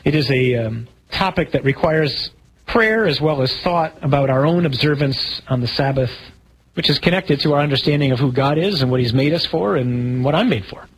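A man preaching as a priest in a relaxed, conversational sermon, asking the audience questions and poking fun at himself. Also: medium pitch, moderate pace, slight background noise, poor audio. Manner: conversational, asks the audience questions, self-deprecating humor. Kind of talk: sermon talk to a congregation.

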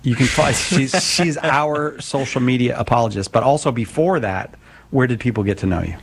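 A chatty male radio host runs a live call-in show. He jokes with callers and throws in quick asides. His voice sits in an ordinary middle pitch. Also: breathy edge.

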